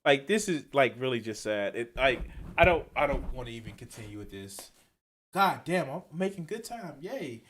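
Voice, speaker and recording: A man reacting to clips on a live stream, blunt and profane, swinging from quiet mumbling to loud outbursts. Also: mid-range voice, big pitch swings, normal speed, slight background noise. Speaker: commentary streamer.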